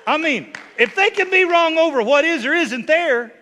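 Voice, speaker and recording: A man with a high, bright, ringing voice preaches with a drawl. He rambles through funny stories, then punches his points home in loud, rising bursts. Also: lively intonation, moderate pace, slight background noise. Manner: folksy, humorous storytelling with rising emphatic bursts. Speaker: bishop preaching. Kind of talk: sermon.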